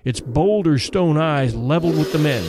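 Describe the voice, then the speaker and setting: A man narrating a story aloud in a measured, dramatic way, slowing for effect and dropping low at quiet moments. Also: expressive, noisy background.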